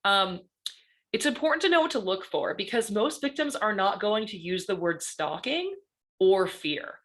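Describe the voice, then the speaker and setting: A woman gives a presentation as a guest speaker. She talks in a lively, conversational way and keeps checking in with her listeners by asking "right?" after her points. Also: medium pitch, moderate pace. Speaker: guest panelist on stalking. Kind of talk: presentation talk.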